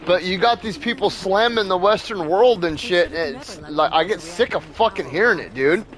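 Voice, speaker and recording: A young father hosts a gaming video, ranting over the gameplay in a heated, blunt, profane way. His voice sits high with a fairly bright tone, and he talks at a normal speed.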